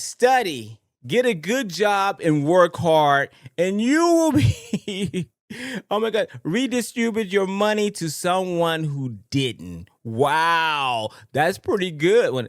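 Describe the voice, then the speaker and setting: Animated man streaming political reactions. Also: high voice, measured pace, no echo, clean studio sound. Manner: animated, mocking, reads memes aloud in silly voices. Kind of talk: casual reaction commentary.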